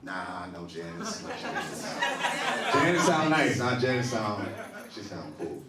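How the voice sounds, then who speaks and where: A man's voice: on the low side, unhurried. A young man doing a stand-up set in a comedy club, laughing often and working the crowd. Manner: animated, laughing, talks back to the audience. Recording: roomy live club recording from a distance.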